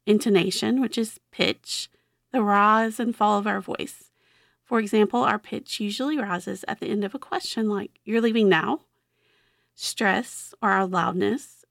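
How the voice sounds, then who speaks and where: A woman presents a short literacy lesson for listeners, explaining terms step by step in a clear teaching voice. Her voice sits slightly high with some gravelly fry at phrase ends. The recording is close and dry, with no room sound. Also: no echo. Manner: clear, explanatory, occasional slips. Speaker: literacy educator, segment host. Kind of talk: educational explainer segment.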